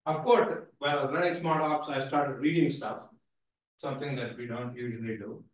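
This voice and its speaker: A man giving an animated, playful seminar lecture, emphatic and full of repeated "right?" tags. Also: mid-range voice, normal speed. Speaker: guest speaker. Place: lecture hall. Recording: echoey hall from a distance.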